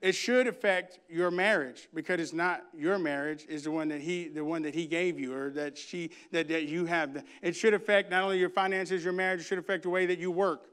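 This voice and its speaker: A male pastor delivers a sermon in an animated, storytelling way, acting out the voices of his family. His voice sits high and sounds smooth and resonant. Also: brisk, few pauses.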